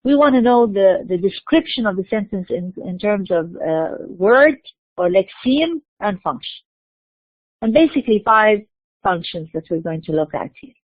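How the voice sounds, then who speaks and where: A woman's voice: mid-range voice, lively intonation, no room sound. Woman lecturing in English. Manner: explains slowly, spelling out letters, slipping into Arabic terms. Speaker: university lecturer. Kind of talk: recorded lecture. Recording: dry tinny phone-like recording.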